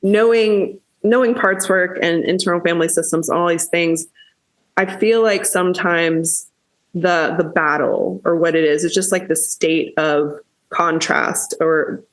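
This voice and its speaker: A woman hosting a podcast in casual chat, candid and quick to swear as she gets heated. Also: fairly low pitch, steady tone. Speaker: podcast host.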